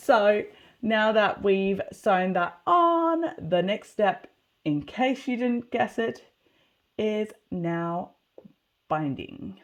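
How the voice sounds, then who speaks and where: A woman's voice: medium pitch, animated, drawn-out words, pauses often, dull audio. A woman with an Australian accent, chatting casually through a sew-along video, talking to herself and laughing at her own mistakes as she works. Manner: chatty, self-deprecating, talks to herself while working. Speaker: sewing vlogger.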